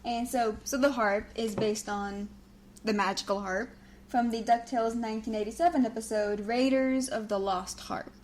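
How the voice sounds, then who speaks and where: A woman's voice: on the high side, steady tone, moderate pace, a little mellow, a little hiss or hum. Giggly woman podcast co-host. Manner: chatty, giggly. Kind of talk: casual podcast recap chat.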